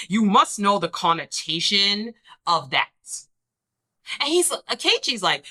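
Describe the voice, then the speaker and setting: A woman's voice: mid-range voice, big pitch swings, moderate pace, bright, forceful tone. A young woman hosting a reality TV recap, talking emphatically and sassily and acting out the people she quotes. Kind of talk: casual recap commentary.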